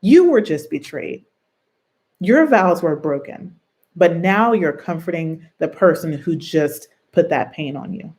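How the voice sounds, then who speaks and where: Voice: mid-range voice, animated, a little slow, a little mellow. A show host giving earnest, reflective advice on trauma bonds in a conversational way, drawing on personal experience and often checking in with the listener. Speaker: host of a healing and self-help show.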